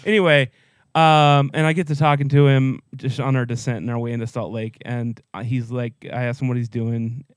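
A man's voice: medium pitch, flat delivery, moderate pace, clean tone, no echo. Dry-voiced man telling stories, laughing often. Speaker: podcast co-host. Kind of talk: casual chat.

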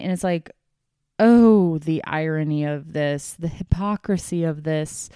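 Woman chatting about reality tv, slow and lowish, gossipy and fed up. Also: mellow, smooth, no echo, clean studio sound. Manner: gossipy, exasperated storytelling with laughs. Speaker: reality TV recap host. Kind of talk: casual chat.

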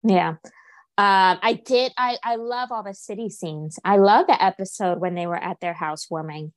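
A woman's voice: mid-range voice, moderate pace, no room sound. A woman co-hosting a casual chat podcast, talking in a chatty, giggly way. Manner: chatty, giggly, animated retelling. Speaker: podcast co-host.

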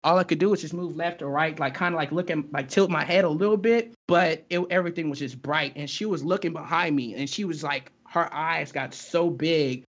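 A young man, a guest in a casual interview, recounts his own experience in halting speech full of fillers and restarts. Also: a little high, fairly bright tone, husky. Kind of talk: casual storytelling. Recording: dull lo-fi recording.

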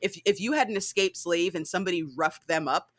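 A woman in a casual chat, co-hosting a podcast that reviews a TV adaptation, talking in an animated way, swearing freely and leaning on "like" and "right?". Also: lowish voice, brisk, no room sound. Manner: animated, profane, frequent "like" and "right?". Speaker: podcast co-host.

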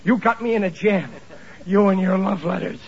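A man's voice: high voice, moderate pace, darkish tone. An actor playing a blustering, flustered working-class father who talks in bad grammar, in a 1940s radio sitcom with a muffled old broadcast sound. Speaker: sitcom lead.

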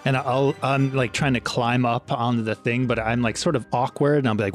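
A man voicing his character in a tabletop game, sounding animated and flustered as he switches between describing his actions and speaking in character. His voice sits at a middle pitch, with faint music playing behind him. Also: fairly quick, few pauses. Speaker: player.

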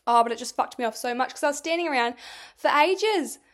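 A young woman hosting a casual solo podcast, telling a story in a chatty, animated way and swearing freely. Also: high voice, a little fast. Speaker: podcast host.

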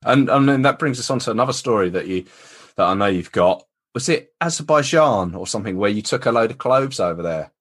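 A man's voice: on the low side, lively intonation, fairly quick, a bit bright. A man hosting a casual podcast interview, drawing stories out of his guest with short prompts. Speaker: podcast host.

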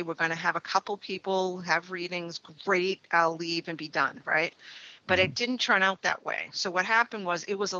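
A middle-aged woman, a trance medium, telling stories in a relaxed interview and often tagging her sentences with "right?" and "you know". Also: on the low side, no room sound, dull audio. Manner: chatty, leans on "right?" and "you know" tags. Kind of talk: conversational interview storytelling.

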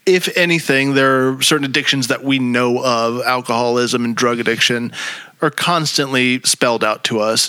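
Bright-voiced man, casual podcast banter. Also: mid-range voice, no room sound. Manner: joking, swears freely, riffs on the episode. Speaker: podcast co-host. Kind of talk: casual chat.

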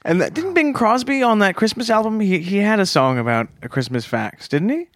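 A man's voice: high voice, animated, a little fast, a bit bright, no echo. Playful male comedy podcast co-host. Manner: playful, flustered when teased.

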